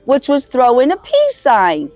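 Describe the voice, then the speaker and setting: A woman calls in and tells a story in a chatty, rambling way, breaking into laughter along the way. She speaks at an unhurried pace, and her voice comes over a dull, lo-fi line that sounds dry and close. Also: sits high, huge pitch swings, darkish tone, dry recording, soft background music. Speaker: caller sharing a story. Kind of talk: casual storytelling.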